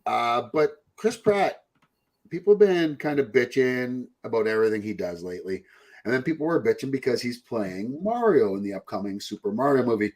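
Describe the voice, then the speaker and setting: A man's voice: mid-range voice, big pitch swings, moderate pace, a little mellow. A man hosting a podcast, chatting casually in a rambling, profane way. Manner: rambling, profane, puts on mocking voices. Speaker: podcast host. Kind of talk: casual chat.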